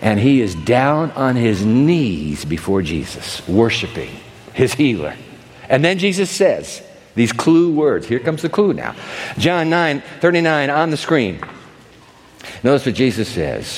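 A man preaching a sermon to a congregation, telling a story with lively acting and asides. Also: medium pitch, a little slow, long reverb tail. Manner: animated storytelling, acts out characters. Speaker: pastor. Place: large church hall with long reverb.

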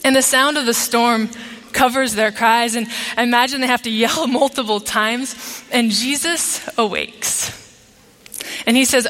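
A woman's voice: fairly high pitch, unhurried, fairly bright tone. A woman pastor preaching a sermon to her congregation, engaging them with questions. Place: church sanctuary. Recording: long reverb of a large sanctuary.

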